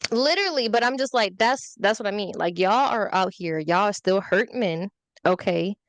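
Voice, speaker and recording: A woman's voice: medium pitch, moderate pace, a little hiss or hum. A young woman, chatting candidly on a podcast about dating and trolls, telling stories with swearing and sass. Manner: petty, candid, animated storytelling with swearing. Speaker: podcast guest, social media influencer. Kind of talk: casual podcast chat.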